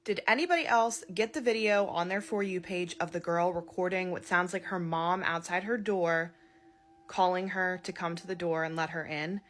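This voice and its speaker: A woman's voice: lowish voice, normal speed, a bit bright. A woman chatting casually to camera, nervous and chatty as she gives a warning.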